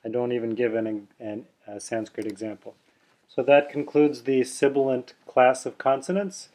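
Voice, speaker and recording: A man's voice: medium pitch, steady tone, normal speed, dark tone. A man teaching a pronunciation lesson on video, patiently explaining and demonstrating sounds aloud, sometimes correcting himself in a casual way. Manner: self-correcting, casually chatty. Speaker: language teacher. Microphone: camera mic, seen on video. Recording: dull lo-fi video audio.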